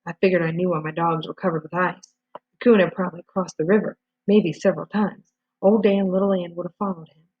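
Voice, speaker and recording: A woman's voice: fairly low pitch, fairly even intonation, brisk, dry recording. A woman reading a novel aloud, telling the story steadily with small slips and restarts. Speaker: reader. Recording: dull lo-fi recording.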